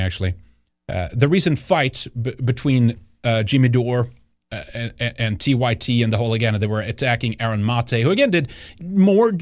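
A man's voice: medium pitch, dry recording, studio quality. A man hosting a news commentary podcast, talking in a rambling, indignant way and swearing often. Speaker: podcast host.

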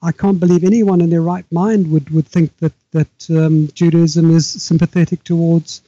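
An older man from Africa, speaking as a guest author in a halting, measured way with frequent restarts. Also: fairly high pitch, little pitch movement, dark tone, no echo, highs cut off. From South Africa. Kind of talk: remote interview conversation.

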